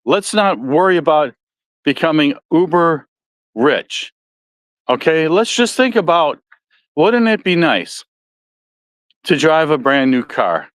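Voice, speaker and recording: Midwestern male podcast host, somewhat high voice, rambling and folksy, dry close recording. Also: sing-song, takes it slowly, long pauses, a bit bright, no echo. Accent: Midwestern American. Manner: rambling, self-correcting, folksy. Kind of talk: casual solo podcast talk.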